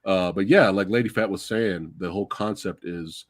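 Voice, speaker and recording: A man hosting a casual movie review chat, gushing and excitable, swearing freely. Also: sits low, moderate pace, no room sound. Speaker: podcast host.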